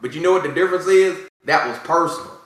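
Brief: excitable male podcast co-host, bright tense voice, profane rants, very echoey room. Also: fairly high pitch, quick pace. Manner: profane, animated ranting with mocking asides. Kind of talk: casual chat.

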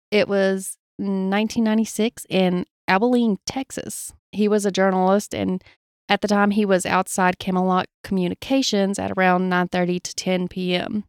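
A woman co-hosting a casual podcast, reading strange stories aloud in an even, unhurried tone. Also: mid-range voice, no room sound, clean studio sound. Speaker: podcast co-host telling stories.

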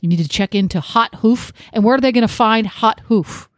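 A woman's voice: a little high, fairly quick, no echo, studio quality. A woman hosting a casual radio talk show, prompting her guests and steering the conversation. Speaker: show host.

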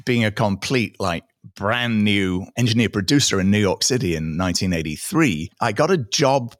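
British-sounding man, low voice, dry sound. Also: no room sound. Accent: British with American phrasing. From British Isles. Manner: animated, quick asides and acted-out quotes. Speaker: guest. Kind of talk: casual interview storytelling.

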